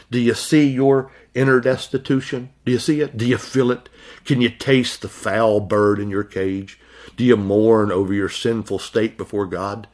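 A man preaching a sermon, pressing the listener with repeated questions and reading scripture aloud in slow, stressed phrases. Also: fairly low pitch. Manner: emphatic, repeating rhetorical questions.

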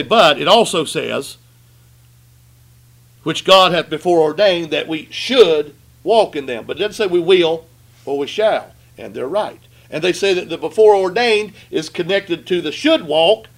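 A man preaching a sermon, emphatic, asking the congregation rhetorical questions and slowing down to read scripture. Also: a little high, a bit bright.

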